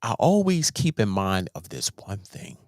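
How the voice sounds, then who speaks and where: A man's voice: on the low side, wildly swooping pitch, a little slow, no echo, clean studio sound. A man hosting a show, giving casual commentary in an emphatic way, often repeating and restarting his words. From Baltimore, USA. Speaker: host.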